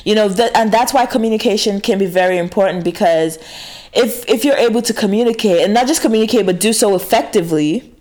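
A woman's voice: medium pitch, fast, darkish tone. A woman talks straight to her audience in a loose, confessional ramble. She is blunt and swears without hesitation, and her sentences keep restarting around fillers like "you know.". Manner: frank, swears freely, many fillers and restarts. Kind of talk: casual confessional monologue.

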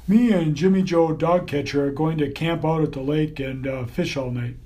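A man voicing a dim, bashful male dog with long ears, speaking in a slow, hesitant drawl in an audiobook. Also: on the high side, warm tone, lightly acted. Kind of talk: audiobook character voice.

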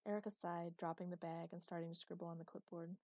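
Female audiobook narrator, mellow and dry. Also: fairly low pitch, level tone, fast talker, dry recording.

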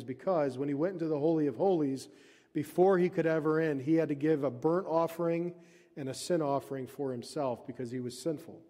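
A man preaching a sermon as pastor at a church service, moving from emphatic reading to hushed, intense explanation. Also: fairly high pitch, long reverb tail.

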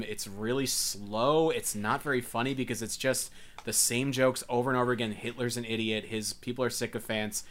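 A man co-hosting a casual movie review podcast, critical and quick to laugh. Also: mid-range voice, fairly bright tone. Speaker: podcast co-host.

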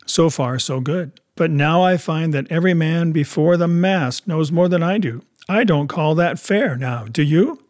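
A man's voice: on the high side, a little slow, few pauses, darkish tone, lightly acted. Blunt, plain-spoken ship captain for a storybook reading, put on by a male narrator; firm, direct delivery. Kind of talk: audiobook character reading.

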